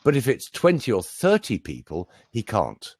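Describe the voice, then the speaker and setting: Lively low-voiced British man, show-off. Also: normal speed, slightly rough, no echo. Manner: chatty, show-offy, jokey. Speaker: voice coach and speaker. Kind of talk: casual live chat.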